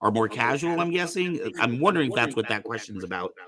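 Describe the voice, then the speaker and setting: Easygoing male host, mid pitch, bright edgy tone. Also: fast talker. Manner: relaxed, reads viewer questions aloud. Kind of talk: casual interview chat.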